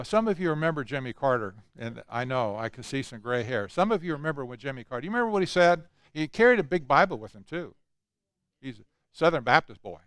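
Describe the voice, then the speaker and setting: An older man lectures to a room with emphatic, conversational delivery, slipping in asides along the way. His voice sits a bit high and comes across smooth and clear, with a dry, close sound. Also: a bit bright, no echo. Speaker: conference speaker. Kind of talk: lecture talk.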